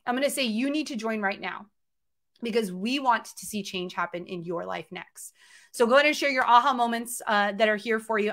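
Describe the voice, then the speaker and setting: A woman's voice: a little high, a bit bright. Emphatic woman urging viewers to join. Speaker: livestream presenter. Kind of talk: motivational sales pitch.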